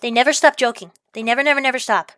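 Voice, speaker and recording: A woman's voice: on the high side, fairly even intonation, rapid-fire, pushed and bright, no room sound, clean studio sound. A woman delivering an exasperated, profane rant, repeating herself as she vents. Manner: exasperated, profane, repetitive ranting. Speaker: ranting vlogger. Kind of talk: angry rant monologue.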